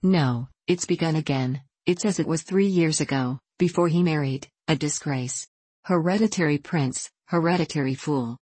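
A scornful, blustering huntsman , voiced by a woman reading a storybook aloud rails in a low voice. The sound is dry and close, with no room around it. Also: normal speed, darkish tone, husky, dry recording. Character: angry grumbling male huntsman.

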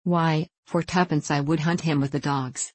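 A woman's voice: deep voice, fairly even intonation, normal speed, slightly rough, no room sound. A woman voicing an angry, scornful male huntsman in a storybook reading, blustering as she speaks.

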